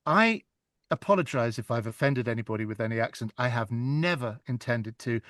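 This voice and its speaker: A man's voice: mid-range voice, fairly bright tone, no room sound. This is a man being interviewed about narrating audiobooks. He talks in an earnest, reflective way and often restarts a phrase to find the right word. His voice sits in a middle range and the recording is dry, with no room around it. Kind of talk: casual interview chat.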